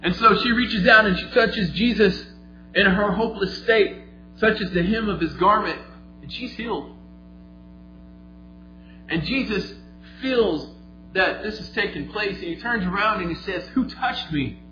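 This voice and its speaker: A man preaching a sermon, retelling a story vividly, moving between quiet and emphatic delivery. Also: high-pitched, a little slow. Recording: echoey, slightly dull, faint music.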